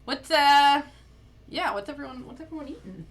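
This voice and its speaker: A woman's voice: high voice, animated, moderate pace. A young woman from Canada with a slight lisp, co-hosting a live stream and chatting casually while reading the chat aloud. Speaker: streamer co-host. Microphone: streaming mic.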